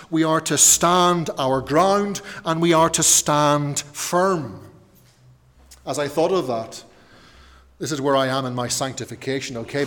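Male pastor giving a sermon, emphatic, unhurried, recorded in an echoing church hall. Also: on the high side. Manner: emphatic, slows down and repeats phrases for stress. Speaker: preacher. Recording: long reverb of a large hall.

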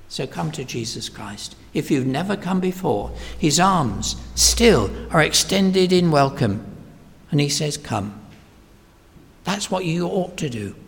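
A man preaching a sermon, slow and emphatic, swinging from hushed whispers to loud cries. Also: high-pitched. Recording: long reverb of a large hall.

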